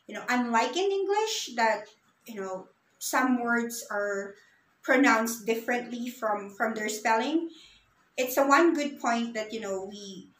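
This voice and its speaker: A woman's voice: a little high, animated, a little slow, fairly bright tone, reverberant, low-quality recording. A woman teaching a beginner Spanish lesson, patiently spelling words out letter by letter.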